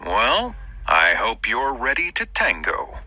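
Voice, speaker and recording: A man's voice: medium pitch, wildly swooping pitch, slow pace, sharp tone, husky, dry recording, heavily acted. A man reading the part of a young male traveler in a recorded textbook dialogue, with an evenly read delivery. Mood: cheerful.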